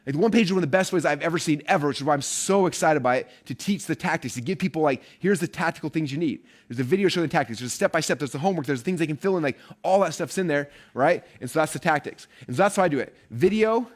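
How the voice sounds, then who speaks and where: A man teaching a live online marketing course at a rapid clip, his voice sitting a bit high. He talks with chatty energy and keeps checking in with "right?" and "okay?". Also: expressive.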